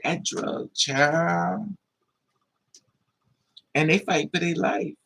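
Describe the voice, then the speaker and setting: Man, husky and gravelly voice, fairly high-pitched, animated casual storytelling. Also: drawn-out words, rough recording. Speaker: live streamer.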